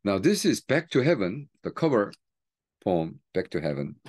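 A man, a seminary teacher and pastor, chatting casually about a book and reading its poems aloud slowly and softly. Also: lowish voice, big pitch swings. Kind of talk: book talk with poetry reading.

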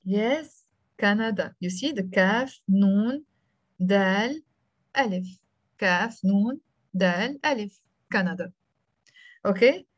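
A woman's voice: medium pitch, expressive, takes it slowly, pauses often, no room sound, dull audio. A woman with a Lebanese accent teaching an online beginners' language class over a video call, patiently spelling out letters one by one and encouraging her students. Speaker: Arabic teacher. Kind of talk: live online language lesson.

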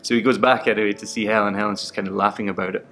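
Young man retelling stories, lowish voice. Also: racing, faint music behind. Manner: animated, laughs often, acts out quotes. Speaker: actor and audiobook narrator. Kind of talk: casual anecdote retelling.

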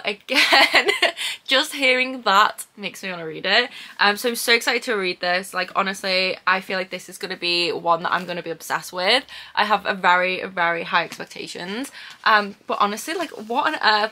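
Young woman unboxing books on her vlog, bright voice, gushy and excitable, says like a lot. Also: mid-range voice, normal speed. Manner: excitable, gushing, lots of "like" and "oh my god". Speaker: book vlogger. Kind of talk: casual vlog chat.

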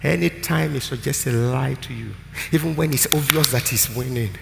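A man with a Nigerian accent preaching a live church sermon, moving from storytelling into shouted, sing-song declarations. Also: medium pitch, normal speed, creaky, a little hiss or hum. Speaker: pastor. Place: large church hall. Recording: roomy church hall with music behind.

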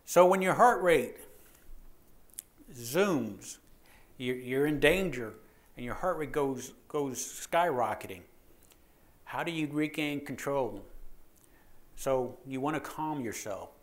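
A man's voice: mid-range voice, takes it slowly, pauses often. A man, a police officer giving a training lecture, joking and telling stories, often repeating words and checking in with the audience. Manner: lively, joking storyteller who repeats words and checks in with "okay?".

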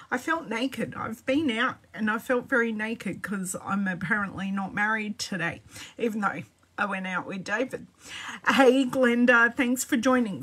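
A woman's voice: fairly high pitch, a little hiss or hum. A middle-aged Australian woman hosting a casual crafting livestream, chatting and greeting viewers by name as she works. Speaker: craft demonstrator livestream host.

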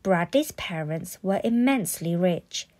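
A woman reading a children's storybook aloud in a playful, expressive way. Her pitch moves a lot, and she takes her time over every line. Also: unhurried.

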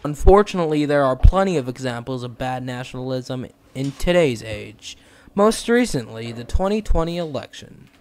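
A man's voice: mid-range voice, lively intonation, moderate pace, a little mellow, slight background noise. A man narrating a school project, reading his script plainly.

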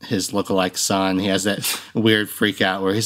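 Casting note: young male podcast co-host, lower-pitched voice, animated, swears, jumps into squeaky impressions of film lines. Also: moderate pace. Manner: animated, swears often, acts out quotes in high voices. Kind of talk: casual chat.

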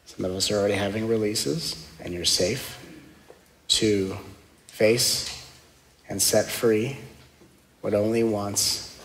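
A man, a spiritual teacher, leading a guided meditation in a soft, slow, gently reassuring way, repeating affirmations. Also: fairly low pitch. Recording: long hall reverb.

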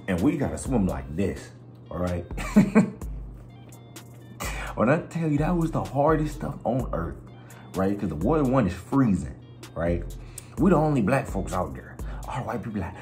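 A young man vlogging, telling a story in a slangy, expressive way and acting out other people's voices and sounds. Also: lowish voice. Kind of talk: animated storytelling.

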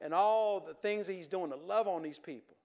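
A pastor preaching in a high voice. He talks to the congregation like a friend, with repeated restarts and chuckles, and turns earnest when he makes his point. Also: normal speed, vocal fry, darkish tone, dull audio. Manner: conversational, with stammered restarts and chuckles, shifting from joking to earnest. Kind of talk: sermon.

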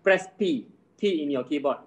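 Patient man teaching software. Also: on the high side, a crowd in the background, low-quality recording. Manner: patient, repeats steps slowly and reassures. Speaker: design software trainer. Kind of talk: live online software tutorial.

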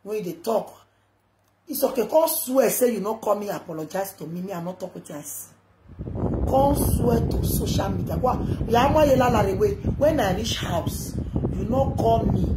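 A woman with a Nigerian accent ranting on a live video, loud and rambling, mixing Pidgin with local languages. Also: a little high. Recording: echoey room with background noise.

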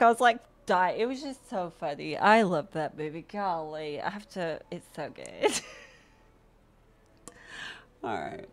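Lively woman chatting while sim racing. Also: lowish voice, unhurried. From Mississippi, US South. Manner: chatty, laughing often, swearing. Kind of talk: casual live-stream chat with viewers while racing. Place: home sim racing setup. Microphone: desktop USB microphone.

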